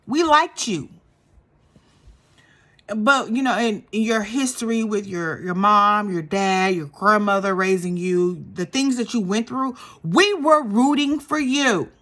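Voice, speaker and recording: A woman's voice: medium pitch, takes it slowly. A young woman, chatting casually and gossiping as she recaps a reality show. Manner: animated and gossipy, acts out quotes.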